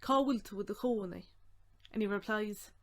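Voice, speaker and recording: Irish woman teaching phrases slowly. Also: mid-range voice. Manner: repeats phrases slowly and breaks them into words. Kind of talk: slow, clear language lesson.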